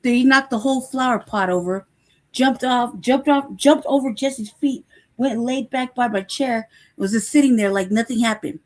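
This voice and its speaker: Her voice is fairly high and her speed normal. As host of a casual live chat, she spins lively stories, laughing a lot and cursing without restraint.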